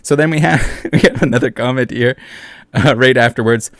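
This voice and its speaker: A YouTube commentator with a mid-range, slightly bright voice hosts a casual commentary video a little fast, with no room sound. He reads comments and a news article aloud, adding sarcastic, mocking asides and swearing often.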